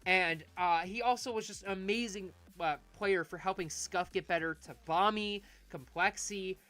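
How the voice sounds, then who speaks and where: A woman's voice: mid-range voice, normal speed. Chatty woman hosting an awards stream. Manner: chatty, filler-heavy, shouts winners' names. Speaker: awards ceremony host. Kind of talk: live-streamed awards announcing.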